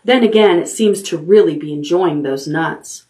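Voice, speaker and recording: A woman librarian reading a chapter book aloud at bedtime, unhurried and expressive. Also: fairly low pitch, recorded from a distance.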